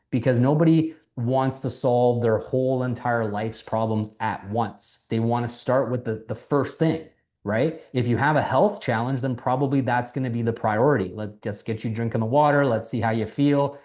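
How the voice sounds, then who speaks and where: A man casually coaching people on sales, lively, acting out quoted conversations, and swearing now and then. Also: mid-range voice, normal speed, dull audio. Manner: animated, acts out quoted dialogue, swears casually. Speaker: mentor teaching sales.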